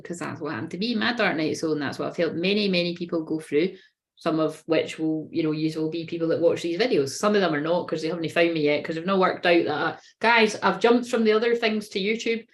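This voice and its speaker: A woman's voice: lowish voice, quick pace. A woman running a casual live tarot reading. She talks in a rambling, sweary way and often breaks into giggles. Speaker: tarot reader.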